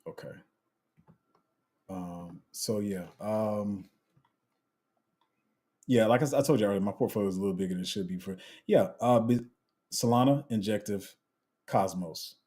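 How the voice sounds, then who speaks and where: Young guy doing a live q&a, slangy and chatty, kinda dark mellow tone. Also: on the low side, normal speed, long pauses, husky. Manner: chatty, slangy, trails off and restarts while multitasking. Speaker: crypto livestream host. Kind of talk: casual live Q&A, reading chat.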